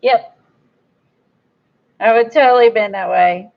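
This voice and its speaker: Gravelly-voiced woman chatting while crafting. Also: mid-range voice, measured pace. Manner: blunt, rambling, self-described impatient. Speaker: crafter vlogger. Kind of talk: casual chat while crafting. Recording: dull lo-fi recording.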